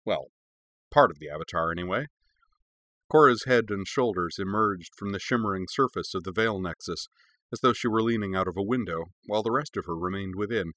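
Male story narrator, steady and measured, lowish voice, dry close sound. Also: no echo. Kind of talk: audiobook reading of fiction.

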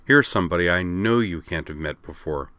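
A man's voice: low voice, a little fast, bright, forceful tone, no room sound. A man voicing an eager, easily flustered male officer in a read-aloud story.

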